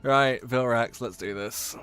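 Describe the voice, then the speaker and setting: A man's voice: mid-range voice, takes it slowly, fairly bright tone, clean tone, soft background music. A man chatting casually while live-streaming a game, giggling often and trailing off into fillers.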